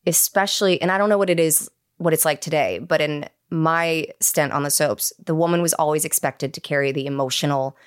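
A woman's voice: low voice, steady tone, brisk, hardly any pauses, clear, resonant tone. A woman guest on a podcast, candidly telling stories about her acting career in casual chat. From United States. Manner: candid, chatty storyteller. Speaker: actress guest.

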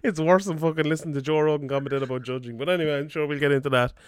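An Irish man in his thirties hosting a relaxed podcast conversation. His voice sits a little high and comes through smooth and clear. The sound is dry and close, with easy swearing and frequent laughter. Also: rapid-fire, dry recording. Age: 30s. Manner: chatty, swears and laughs often. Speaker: podcast host. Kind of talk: casual podcast chat.

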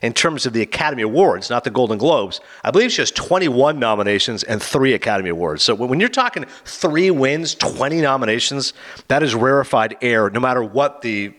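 A man hosting a casual chat, giving quick, opinionated retellings of an awards night. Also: mid-range voice, expressive, a bit bright. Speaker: podcast host.

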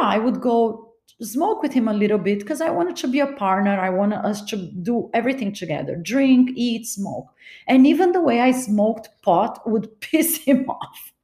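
A woman's voice: a little high, darkish tone, roomy sound. A woman from Los Angeles hosting a podcast, telling a personal story in a candid, wry, confiding way. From Los Angeles, California. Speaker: podcast host.

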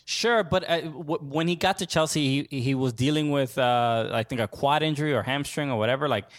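A man co-hosting a casual sports talk stream, speaking haltingly with many restarts and fillers. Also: medium pitch. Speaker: podcast co-host. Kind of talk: casual chat.

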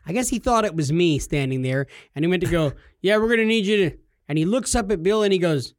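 Excitable high-voiced man telling stories. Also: brisk, no room sound, studio quality. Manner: excitable, does voices for people in his stories. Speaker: podcast co-host. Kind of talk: animated storytelling chat.

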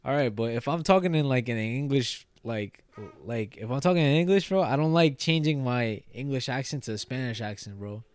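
A young man in his twenties co-hosting a podcast, chatting casually with slang and frequent swearing, getting animated in his rants. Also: medium pitch, brisk, few pauses, smooth, no echo. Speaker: podcast co-host. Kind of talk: casual chat.

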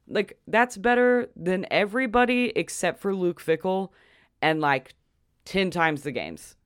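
A man's voice: medium pitch, smooth, dry recording, clean studio sound. A young man ranting casually about a sports poll, exasperated and emphatic, his voice jumping up on punchlines. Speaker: sports commentator.

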